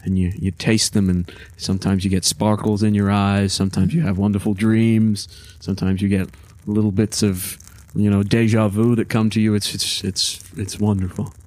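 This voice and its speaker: A man with a lowish voice narrates a tabletop game as its game master. He rambles happily, stumbling over repeated words as he describes things. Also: level tone, normal speed, hardly any pauses, a little mellow, dry recording.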